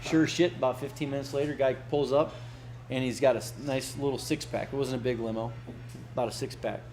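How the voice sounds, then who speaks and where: A man's voice: mid-range voice, steady tone, a little fast, a little mellow, soft background music. A man from Arizona telling a rambling, profane story at a birthday gathering, laughing often and restarting his sentences. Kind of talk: casual storytelling.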